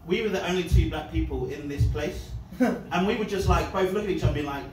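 A man's voice: fairly high pitch, a little fast, darkish tone. Rambling man, echoey and distant. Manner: rambling, laughing between lines. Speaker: stand-up comedian. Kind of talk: stand-up set and comedy vlog. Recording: echoey, distant mic, noisy background.

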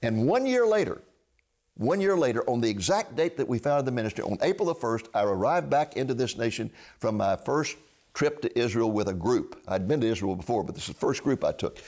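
Older preacher-host, gravelly mid-range voice, earnest testimony with acted-out quotes. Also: male voice, mid-range voice, sing-song, brisk, a little mellow. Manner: earnest storyteller, acts out quoted dialogue. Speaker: ministry founder and TV host. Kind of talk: personal testimony storytelling.

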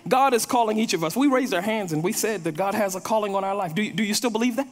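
Male pastor, sermon, storytelling delivery with repeated words, high voice, echoey hall. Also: quick pace. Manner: storytelling, repeats words when building a point.

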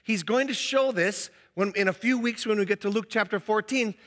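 Bright-voiced male pastor, church reverb. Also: sits high, brisk. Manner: conversational, animated, acts out quotes. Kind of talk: sermon. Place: church hall.

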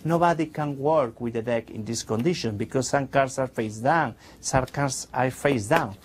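A man's voice: medium pitch, normal speed. A man performing as a stage magician, chatting playfully with the audience in slightly broken English.

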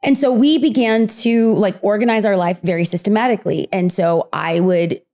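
A woman in her thirties, a podcast guest telling a personal story in an animated conversational way, acting out quotes. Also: moderate pace. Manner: animated, acts out quotes with big pitch jumps.

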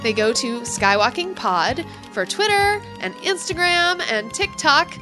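A woman's voice: sits high, sing-song, a little slow, over music. A woman co-hosting a podcast, chatting casually and promoting the show in an upbeat way. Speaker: podcast co-host.

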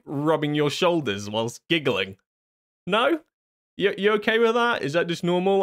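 A man's voice: medium pitch, fairly bright tone. A man jokes sarcastically and swears as he talks through a horror video game, laughing often. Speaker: gaming YouTuber. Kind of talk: horror game let's play commentary.

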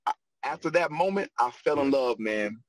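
A man telling stories about his acting start in a casual interview, animated and quick to laugh. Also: medium pitch, no room sound, faint music behind, poor audio. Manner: animated, laughs often, repeats phrases. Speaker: guest, actor and acting coach.

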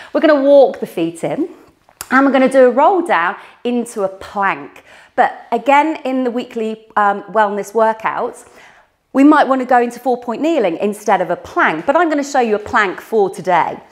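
A woman's voice: a little high, lively intonation, normal speed. A woman leading an at-home pilates class, counting reps and cueing moves while exercising, slightly out of breath, with a mic close to her mouth. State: a little out of breath. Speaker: pilates instructor. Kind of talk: guided workout instruction. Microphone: microphone close to mouth.

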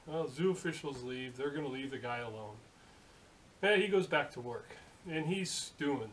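A man's voice: mid-range voice, moderate pace, a bit bright. A man in his late fifties casually telling a long joke in a folksy, rambling way, with many fillers and restarts. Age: late 50s. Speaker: hobby machinist video host. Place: home workshop. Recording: distant mic with faint hiss.

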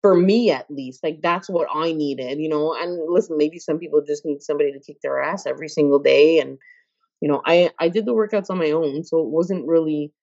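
A woman with a deep, warm voice speaks a little fast as a guest in a casual podcast interview. She talks expressively, laughs often and acts out the voices she quotes. The sound is dull and lo-fi, with no room sound.

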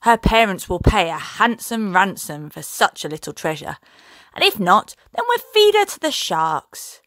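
A woman's voice: lowish voice, normal speed, fairly bright tone, no echo. A woman voicing a fierce, blustering male pirate captain who bellows and growls his orders in a children's storybook reading. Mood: bellowing.

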